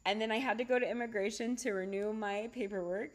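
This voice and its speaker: A middle-aged woman, a holistic doctor, talking casually on a livestream, chatty and animated, often asking "right?" and laughing. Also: medium pitch, fast. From United States. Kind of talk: casual livestream talk with storytelling.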